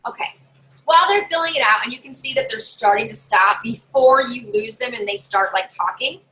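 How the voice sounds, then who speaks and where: A woman's voice: fairly high pitch, moderate pace, pushed and bright, low-quality recording. A woman giving casual how-to tips to camera as a party sales consultant, chatty and bossy, talking from her desk at home. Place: home desk with a drawer and her dog nearby.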